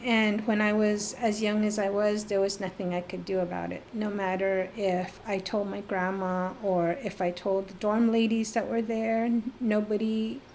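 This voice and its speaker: A middle-aged woman from northeastern Arizona, recounting her life as an interview guest, reflective and halting, with pauses and fillers. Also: medium pitch, a little mellow, slight background noise. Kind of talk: personal life-story interview.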